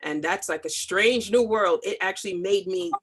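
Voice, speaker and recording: A woman's voice: mid-range voice, moderate pace, breathy edge. A middle-aged woman, a comics artist, talking in an interview with impassioned, emphatic stress and repeated phrases. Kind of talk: video call interview.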